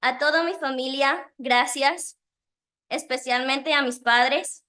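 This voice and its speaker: Delivering a prepared graduation speech, a native Spanish-speaking woman sounds nervous and emotional, reading with pauses. Her voice sits high and has a bright, forceful tone.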